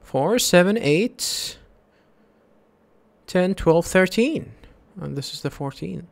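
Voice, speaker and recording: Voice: medium pitch, animated, takes it slowly, creaky. A let's play host giving casual, joking gameplay commentary with muttered asides.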